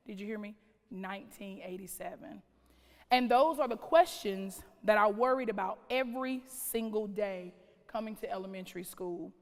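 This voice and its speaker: Keynote speaker: woman, late 30s, fairly high voice, dramatic rhetorical delivery, reverberant hall. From North Carolina. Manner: dramatic, strings of rhetorical questions, shifting pace. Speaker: keynote speaker, school principal. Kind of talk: keynote speech. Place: large conference hall.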